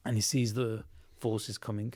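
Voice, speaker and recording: A man telling a historical story in a podcast conversation, earnest and preachy, swinging between loud emphasis and quiet asides. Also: on the low side, flat delivery, normal speed, dry recording, studio quality.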